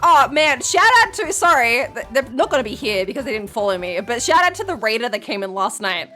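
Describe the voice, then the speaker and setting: A woman with an Australian accent, chatting casually as a streamer, giggly and quick to laugh. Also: on the high side, lively intonation, pushed and bright, faint music behind. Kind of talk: casual live-stream chat.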